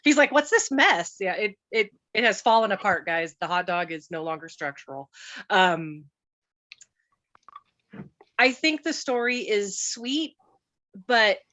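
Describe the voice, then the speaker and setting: Chatty middle-aged woman with a bright voice. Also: medium pitch, animated, measured pace, long pauses. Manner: chatty, rambling storyteller. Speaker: guest panelist. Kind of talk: casual chat.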